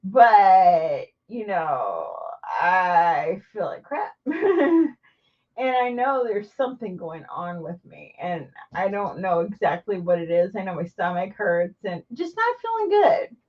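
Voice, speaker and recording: A woman vlogging candidly to the camera, halting and rambling with lots of restarts. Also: medium pitch, very animated, distant mic, muffled recording. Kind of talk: candid personal vlog chat.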